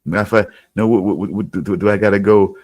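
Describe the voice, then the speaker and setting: A man co-hosting a podcast in casual chat, halting and repeating himself. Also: lowish voice, fairly even intonation, darkish tone, no echo. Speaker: podcast co-host.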